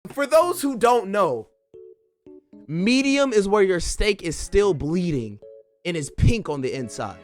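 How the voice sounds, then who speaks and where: An excitable man tells a story to his audience, his pitch leaping all over the place as he builds each beat. He repeats lines for emphasis and keeps breaking into laughing outbursts, with faint music underneath. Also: unhurried. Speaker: streamer telling a story.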